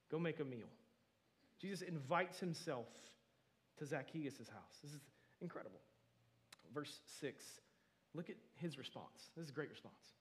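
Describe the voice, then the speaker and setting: Guy pastor preaching, kinda high voice, goes soft then loud, keeps saying man and listen. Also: expressive, measured pace, long pauses. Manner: swings from quiet intimate asides to loud emphatic preaching; repeats words and phrases for emphasis, often starts with "man" and "listen". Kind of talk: sermon.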